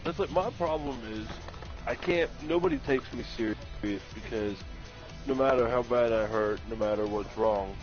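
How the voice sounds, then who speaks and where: In casual live stream chat, a man with a mid-range voice at normal speed turns his own painful mishaps into jokes, laughing along and mocking himself. The stream audio is muffled and lo-fi, with faint music.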